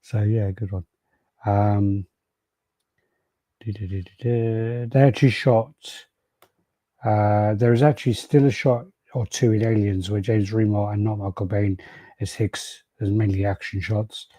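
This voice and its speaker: A man's voice: lowish voice, fairly even intonation, unhurried, mellow, dry recording. A man hosting a casual podcast, rambling through stories, acting out quotes and swearing freely. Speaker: podcast host. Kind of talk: casual chat.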